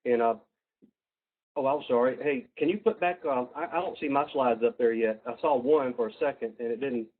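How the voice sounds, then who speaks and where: A man with a Southern US accent presenting a webinar, folksy and halting with many fillers and restarts. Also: mid-range voice. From Georgia, US. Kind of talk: presenting a webinar over slides. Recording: tinny phone-like line.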